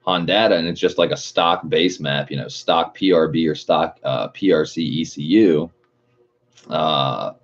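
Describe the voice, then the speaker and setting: This livestream host's voice is a low rumble with fairly even intonation, and he keeps a measured pace. His casual chat is loose and rambling, peppered with constant profanity and frequent chuckles, over dull lo-fi audio.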